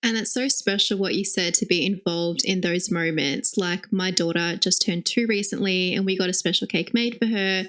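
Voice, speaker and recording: A woman's voice: fairly low pitch, moderate pace, hardly any pauses, a bit bright. A young woman co-hosting a podcast, reflecting and affirming what her guest says. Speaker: podcast co-host. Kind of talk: conversational podcast interview.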